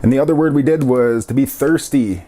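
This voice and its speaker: A man hosting a casual language lesson, repeating each word slowly to show how it is pronounced. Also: mid-range voice, warm tone, slight background noise. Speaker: language teacher.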